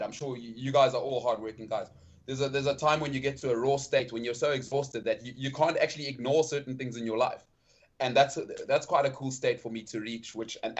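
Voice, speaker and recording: South African man in a dull-sounding chat. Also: mid-range voice. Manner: relaxed, repeats words while thinking. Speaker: podcast guest. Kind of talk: casual chat.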